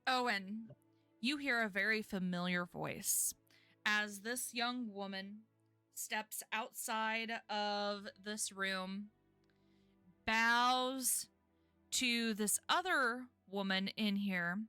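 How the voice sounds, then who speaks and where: A woman's voice: medium pitch, very slow, sharp tone, smooth, dry recording, faint music behind. A woman narrating a tabletop game as game master, casual and often laughing.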